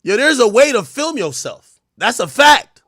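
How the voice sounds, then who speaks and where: A man with a high voice whose pitch leaps around as he riffs on stream. He swears freely and bursts into loud shouts. His voice sounds dry and close, with no room around it. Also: measured pace, no room sound. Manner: animated, profane, breaks into loud shouted outbursts. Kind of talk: casual comedic stream commentary.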